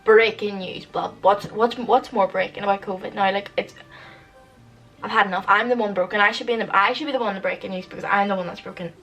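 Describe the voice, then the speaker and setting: A woman's voice: medium pitch, steady tone, quick pace, a bit bright, distant mic, faint music behind, low-quality recording. A young woman in her late teens from the UK, ranting casually to camera at home in a rambling, exasperated way, with lots of "like". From United Kingdom. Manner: rambling and exasperated, heavy use of "like". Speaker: vlogger.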